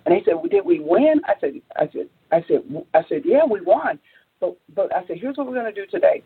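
A woman entrepreneur, interviewed as a guest, tells a story with animation, acting out quotes and rising high when excited, with many restarts. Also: a little fast, husky. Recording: phone-like narrow audio.

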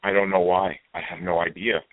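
A man's voice: deep voice, flat delivery, fairly quick, no room sound. A man calling in as a guest on a live show, joking around in a playful way. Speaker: guest caller. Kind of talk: casual phone interview. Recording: tinny phone-line sound.

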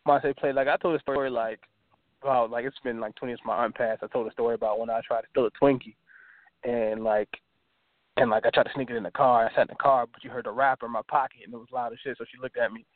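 A man's voice: medium pitch, fast, no echo. A man co-hosting a podcast, telling loose slangy stories in casual chat. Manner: loose storytelling, slangy and animated. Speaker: podcast co-host. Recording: tinny phone-like line.

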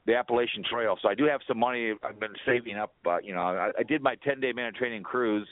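A man's voice: mid-range voice, fast, no echo. Rambling male caller on a phone line. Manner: rambling, jokey, puts on a Southern drawl. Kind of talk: casual call-in chat, joking.

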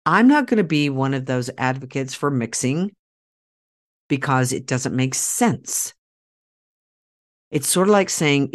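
A female podcast host with an extremely low pitch and lively intonation talks a little slowly, pausing often. She makes an emphatic, persuasive appeal directly to her audience in a rallying tone, hammering key phrases through repetition.

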